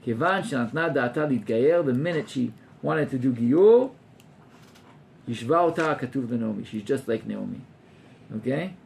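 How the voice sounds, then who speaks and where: A man's voice: medium pitch, lively intonation, normal speed, vocal fry, darkish tone, slight background noise. A man, a rabbi teaching an informal class to students, talking animatedly and acting out scenes with gasps while mixing in Hebrew terms.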